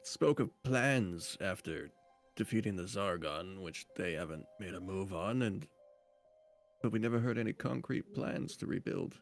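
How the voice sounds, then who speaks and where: Brief: measured dwarf druid played by a man, low and gravelly. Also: expressive, faint music behind. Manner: measured, formal wording. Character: thoughtful male dwarf druid, measured and wary. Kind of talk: tabletop role-play.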